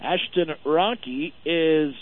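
A man giving play-by-play commentary on a baseball game for a radio network, steady and full of stats. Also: a little high, slow pace. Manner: steady, informative, stat-heavy. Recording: narrow phone-like radio audio.

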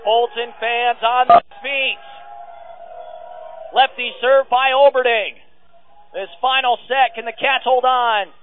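A man calling a game as a radio play-by-play announcer, giving rapid calls that rise to excited shouts on big plays. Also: very high-pitched, over music. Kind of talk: radio sports play-by-play commentary. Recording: tinny phone-like radio line with faint noise.

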